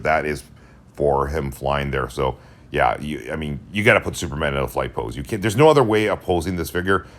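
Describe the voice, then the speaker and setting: A man doing a casual voice-over for a toy review, gushing with enthusiasm and talking straight to his viewers. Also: very deep voice.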